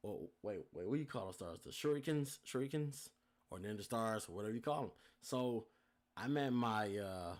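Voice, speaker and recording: A young man hosting a podcast, telling a story casually with lots of swearing and talking straight to his listeners. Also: on the low side. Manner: animated, profane, addresses listeners as y'all. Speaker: podcast host.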